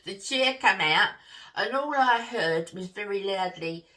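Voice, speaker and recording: A woman's voice: medium pitch, moderate pace. A middle-aged woman, a beauty vlogger chatting to camera and telling a story while laughing often. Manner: animated, laughs through her story, warm asides to viewers.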